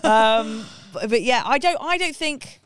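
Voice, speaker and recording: A woman's voice: fairly high pitch, expressive, moderate pace, over a noisy crowd. A woman comedian from England, chatting bluntly on a podcast, swearing freely and restarting her sentences. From Southern England. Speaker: comedian guest. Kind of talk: casual podcast chat.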